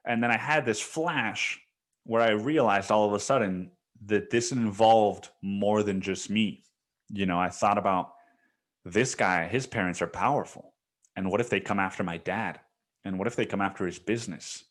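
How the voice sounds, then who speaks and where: A man's voice: low-pitched, fairly bright tone. A man hosting a solo podcast, recounting a dream in a casual, profane storytelling manner. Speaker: podcast host.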